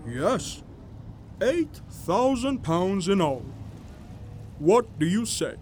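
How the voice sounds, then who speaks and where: A man playing a calm determined gentleman. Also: high-pitched, extremely slow, a little hiss or hum, exaggerated voice. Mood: polite. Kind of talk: audiobook dialogue.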